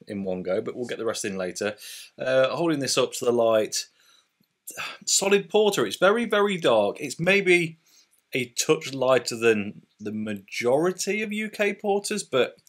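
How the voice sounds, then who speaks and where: A British man hosting a casual beer review vlog, chatty and upbeat with loose fillers. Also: mid-range voice. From Britain.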